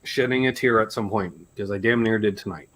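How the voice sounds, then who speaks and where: A Canadian man hosting a casual live chat, telling animated stories and swearing freely. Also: fairly low pitch, fast talker, a little hiss or hum. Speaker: host.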